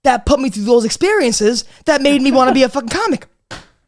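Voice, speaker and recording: A young man in his twenties chats on a comedy podcast. He swears freely and gets loud and animated as he acts out his family. His talk is quick and full of restarts. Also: very high-pitched. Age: 20s. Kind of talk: casual podcast chat.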